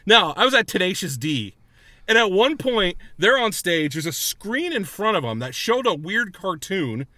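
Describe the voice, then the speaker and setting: A man telling a funny story with a bright, forceful voice on a dry, close recording. His pitch leaps all over as he acts out what people said, and he laughs often. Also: moderate pace, no echo. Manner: animated, laughing, acts out quotes. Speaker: guest storyteller. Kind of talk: comedic storytelling.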